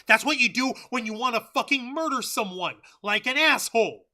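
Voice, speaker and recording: A man's voice: extremely high pitch, animated, brisk, bright, forceful tone. A man hosting a livestream, reading news articles and viewer chat aloud and ranting angrily with heavy swearing. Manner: angry, profane ranting. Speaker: livestream host.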